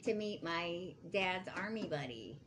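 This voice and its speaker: A woman's voice: fairly low pitch, animated, measured pace, a bit bright, slight background noise. A woman co-hosting a podcast in casual group chat, playfully telling a family anecdote. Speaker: podcast co-host.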